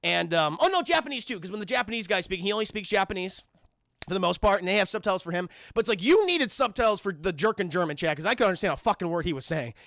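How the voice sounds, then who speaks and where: High gravelly profane streamer man. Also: lively intonation, fast talker, a bit bright, no room sound. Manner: profane, rambling, many fillers. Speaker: streamer reviewing a film. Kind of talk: casual spoiler recap to chat.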